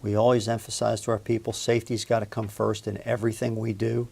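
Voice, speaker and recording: Measured municipal official, man, monotone with gravel in the voice. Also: fairly low pitch. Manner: measured, earnest, uh-filled. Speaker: city utilities official. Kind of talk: interview answers.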